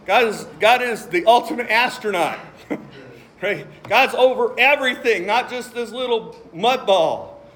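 Speaking in a very high voice and taking his time, a man delivers a lively sermon. He stresses the scripture he reads out loud and cracks jokes between the verses.

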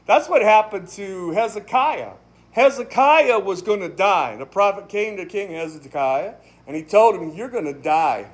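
Casting: pastor with a high male voice, relaxed and folksy, emphatic, breaks into laughs. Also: a little slow. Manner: emphatic, conversational, laughs often. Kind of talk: casual sermon, Bible study.

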